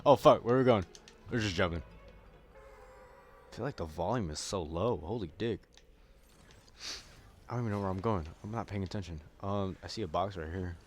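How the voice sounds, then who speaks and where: A young man giving casual, profane gameplay commentary, often bursting into yells. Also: deep voice, brisk, long pauses, a little hiss or hum. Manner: profane, excitable, bursts into yelling. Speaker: gaming video creator.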